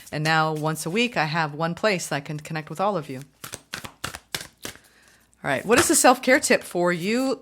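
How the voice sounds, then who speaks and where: A woman reading tarot for her viewers, chatty and upbeat, often gushing with excitement. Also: on the low side, slight background noise. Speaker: tarot reader.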